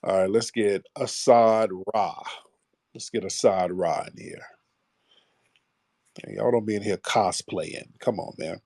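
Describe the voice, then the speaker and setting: Male call-in host, blunt and slangy, a little low-voiced, dry close sound. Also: a little slow, pauses often, darkish tone, dry recording. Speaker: host of a call-in audio show. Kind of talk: live call-in talk.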